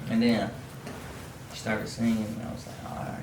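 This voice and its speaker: A man chatting casually in a laid-back, soft-spoken way. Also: on the low side, completely flat delivery, normal speed. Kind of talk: casual chat. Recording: distant mic in a roomy space with clear hiss.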